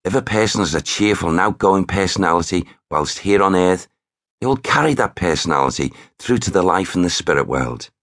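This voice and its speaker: A man narrating his own memoir audiobook in a measured storytelling manner. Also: sits low, lively intonation, a bit bright, no room sound, studio quality. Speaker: author and narrator.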